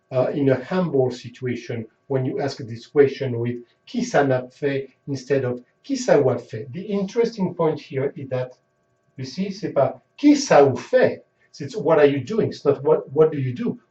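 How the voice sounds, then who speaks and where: A man teaching a lesson in a slow, unhurried way, his pitch rising and falling a lot as he repeats example phrases. His voice is mellow and somewhat dark. The recording is dull and roomy, as if the mic sat a little away from him. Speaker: language teacher. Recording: echoey room, dull sound, mic at a distance.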